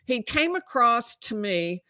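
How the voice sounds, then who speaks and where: Lawyer lady chatting live about a trial, bright voice, dry close mic, reads quotes out loud. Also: fairly high pitch, very animated, slow pace, dry recording. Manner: conversational, reads out transcript quotes, frequent restarts. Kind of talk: livestream legal commentary.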